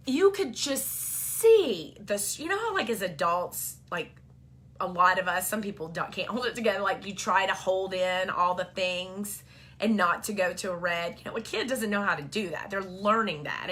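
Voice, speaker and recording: A woman's voice: medium pitch, moderate pace, a bit bright, slightly rough. A woman, chatting to camera about her family in a rambling, filler-heavy way. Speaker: vlogger and mom. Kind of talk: casual storytelling to camera.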